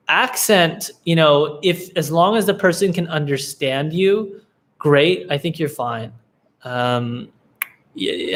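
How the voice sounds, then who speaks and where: A laid-back young man hosting a live Q&A, giving casual business advice with lots of fillers and restarts. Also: fairly high pitch. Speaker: livestream Q&A host, agency coach.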